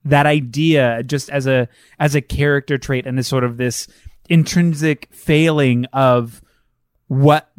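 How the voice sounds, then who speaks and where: A man's voice: mid-range voice, steady tone, measured pace, clear, resonant tone, dry recording, clean studio sound. A man co-hosting a casual film discussion podcast, talking thoughtfully and analytically. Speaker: podcast co-host.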